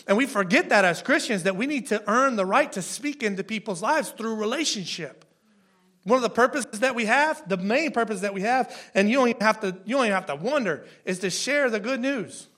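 A man's voice: high-pitched, pushed and bright. A man preaching a sermon in an easy, conversational way, often restarting his phrases and asking the listeners "right?". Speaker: pastor.

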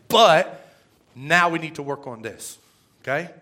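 A man delivers a sermon in a chatty, energetic way, often tossing in "right?" to the crowd. His voice sits high and sounds bright and forward. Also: a little slow, pauses often. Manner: energetic, conversational, tag questions. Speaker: pastor.

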